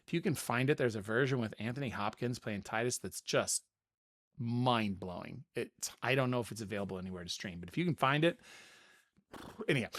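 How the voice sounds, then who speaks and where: A middle-aged man hosting a casual podcast, talking through ideas in an animated way and often repeating words as he thinks. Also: a little high. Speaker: podcast host. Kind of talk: casual spoken commentary.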